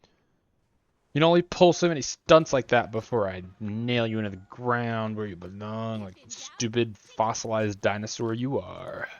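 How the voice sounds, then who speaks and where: A man's voice: fairly low pitch, measured pace, no room sound, dull audio. A man streaming a game, rambling in a joking way, answering chat and scolding the monster on screen. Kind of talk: casual live-stream chat while playing.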